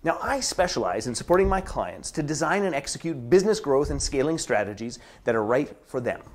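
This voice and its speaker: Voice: medium pitch, darkish tone. A business strategist giving a scripted promotional address, with dramatic delivery that drops into whispers for emphasis. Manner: acts out contrasting inner and outer voices.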